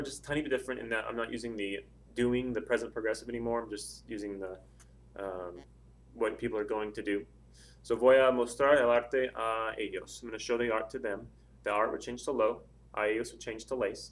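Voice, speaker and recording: A man teaches a recorded language lesson in a steady, mid-pitched voice. He explains grammar carefully and repeats example words slowly so students can hear where the stress falls. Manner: slow, careful, repeats words to model pronunciation. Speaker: Spanish teacher.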